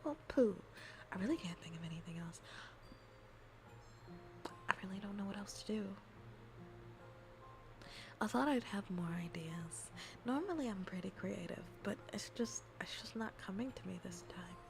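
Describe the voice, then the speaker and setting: A woman streamer chatting casually and playfully with her viewers, often dropping into a soft whisper. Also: mid-range voice, expressive, normal speed, gravelly, long pauses, music in the background.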